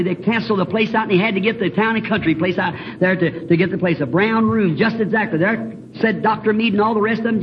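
Male preacher, high voice, folksy storytelling sermon, lo-fi archive tape with faint hiss. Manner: folksy, rambling storyteller with emphatic exclamations. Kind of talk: fervent sermon with personal testimony. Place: church building.

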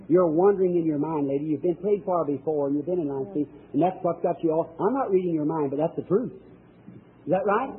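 A male evangelist preaching at a healing service, fervent and emphatic, calling out to people in the audience. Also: sits high. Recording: tinny old lo-fi recording with faint hiss.

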